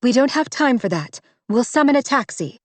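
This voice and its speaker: A woman voicing a determined young princess who speaks brightly and decisively. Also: fairly high pitch, very animated, moderate pace, no room sound, pitched above the performer's own voice. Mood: resolute.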